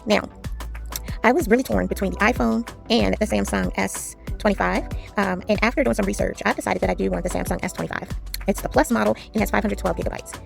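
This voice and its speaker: Woman, chatty storyteller, quick talker, gravelly voice, faint music behind. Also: medium pitch. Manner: chatty storytelling, animated retellings. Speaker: jewelry-making vlogger. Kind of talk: casual chat while beading.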